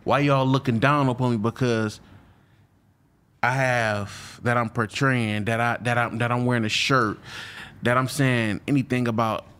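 A man talking as a guest in a casual interview, at an ordinary, middle pitch. His speech is loose and slangy. He repeats himself, trips over his words and restarts his sentences often. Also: fairly even intonation, unhurried, a bit bright, clear, resonant tone.

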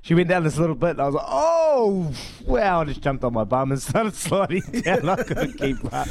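Male guest, quick reactions, dry and close, no room sound. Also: fairly high pitch, expressive, dry recording. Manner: short reactions and quick asides. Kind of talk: casual radio chat.

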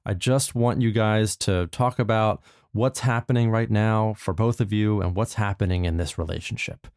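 A man with a lowish voice, speaking as an earnest therapist who rambles and repeats himself. The sound is dry and close, with no room around it. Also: moderate pace, darkish tone, no echo. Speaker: therapist in a comedy sketch. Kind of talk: improvised comedy scene.

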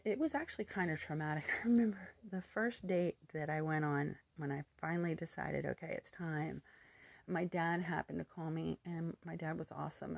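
A woman's voice: low voice, creaky, darkish tone, no room sound. A woman in her fifties with a youthful-sounding voice, telling a personal story candidly with rambling asides and restarts. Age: 50s.

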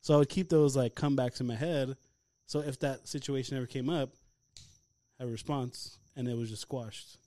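A young man co-hosting a podcast, telling stories in animated, profane casual chat. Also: mid-range voice, brisk, dry recording. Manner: animated storytelling, heavy swearing. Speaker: podcast co-host.

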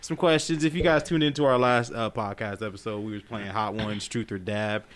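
A man's voice: lowish voice, steady tone, brisk, a little hiss or hum. A man hosting a podcast, running a new segment in a joking, casual way. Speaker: podcast host. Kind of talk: casual chat.

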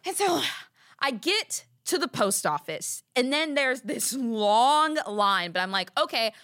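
A woman's voice: a little high, sing-song, slow pace, a bit bright, dry recording, studio quality. A young adult woman, hosting a podcast and telling a story in a chatty, exasperated way full of "like"s. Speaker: podcast host. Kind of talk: casual storytelling.

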